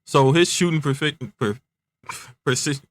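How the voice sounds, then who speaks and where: A young man casually telling an improvised story, in laid-back slang full of filler phrases, stuttering a little as he talks around clear aligners. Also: fairly high pitch, measured pace.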